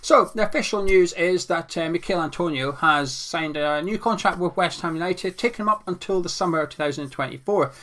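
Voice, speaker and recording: A man's voice: sits high, fairly quick, hardly any pauses, sharp tone. Upbeat jokey male football host. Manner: playful, jokey, self-mocking. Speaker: fan channel host. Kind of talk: casual football chat.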